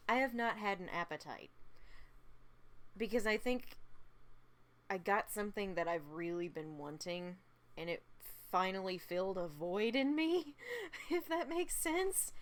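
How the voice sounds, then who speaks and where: Woman vlogger, tired, effusive, laughs a lot and repeats lines; mid pitch. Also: unhurried, pauses often, a bit bright. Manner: gushing, repeats herself, laughs often. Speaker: vlogger reviewing a film. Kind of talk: casual unscripted review.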